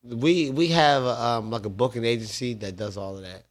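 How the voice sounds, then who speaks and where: A man's voice: mid-range voice, moderate pace. A man, telling stories in a laid-back, streetwise way in a podcast studio. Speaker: bar owner guest. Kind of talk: casual storytelling.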